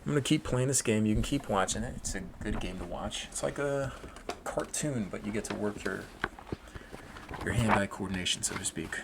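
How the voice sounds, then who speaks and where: Low-voiced man rambling casually. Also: moderate pace, gravelly, very noisy. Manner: rambling, self-mocking asides. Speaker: vlogger studying for an exam. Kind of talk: casual chat while studying and gaming.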